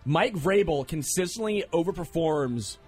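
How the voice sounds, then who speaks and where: A man hosting a sports talk show, making picks and teasing his co-hosts with animated, excitable banter. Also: a little high, a little slow, husky, soft background music.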